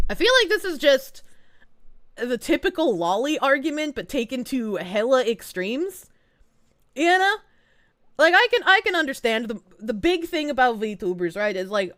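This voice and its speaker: A woman with a Boston accent and a gruff, grating voice, chatting bluntly and profanely on a live stream, laughing often. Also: a little high, a bit bright, no room sound, studio quality. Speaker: VTuber streamer. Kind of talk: casual live-stream chat.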